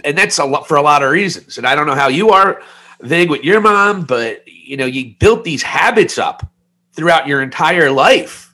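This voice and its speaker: A man's voice: a little high, animated, normal speed, pushed and bright. A man in his forties co-hosting a podcast, telling a candid, rambling personal story with self-mocking jokes. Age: 40s. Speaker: podcast co-host. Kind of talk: casual podcast chat.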